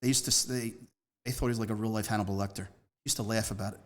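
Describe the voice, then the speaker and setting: A man's voice: fairly low pitch, fairly even intonation, rapid-fire. Rambling man telling stories. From Northeast Philadelphia. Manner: rambling, emphatic, jumps between stories. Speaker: guest. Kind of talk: casual storytelling interview.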